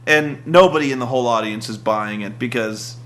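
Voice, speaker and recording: A man's voice: mid-range voice, fairly quick. A young man rambling through a sarcastic, casual rant about a wrestling show, full of "like" and mocking asides. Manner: rambling, sarcastic, mocks with shouted impressions. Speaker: podcast host recapping wrestling.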